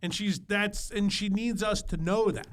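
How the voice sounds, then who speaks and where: A young man co-hosting a comedy podcast, joking loudly with lots of laughter and swearing. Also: sits high, a little slow, soft background music. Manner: loud, laughing, swearing banter. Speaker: podcast co-host. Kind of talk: casual comedy podcast chat.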